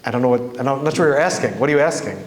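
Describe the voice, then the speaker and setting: A man voicing a timid, confused young princess who speaks haltingly and apologetically. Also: medium pitch, slight background noise, lightly acted. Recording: echoey hall with faint ambience.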